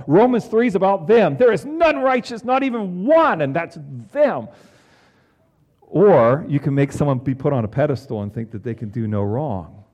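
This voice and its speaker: A man preaching a sermon in an earnest way, with emphatic rises and quiet low drops. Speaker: pastor.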